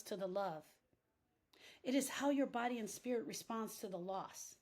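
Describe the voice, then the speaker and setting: A middle-aged woman giving an impassioned grief-coaching talk, repeating phrases for emphasis and swinging between hushed and loud lines. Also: mid-range voice, unhurried. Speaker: grief coach and podcast host.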